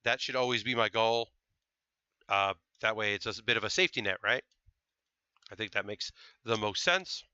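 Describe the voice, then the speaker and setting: A man's voice: lowish voice, moderate pace, pauses often, pushed and bright, clear, resonant tone, dry recording, lo-fi sound. A man chatting casually to his live-stream viewers while building a model kit, thinking aloud with fillers. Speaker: livestreamer building model kits.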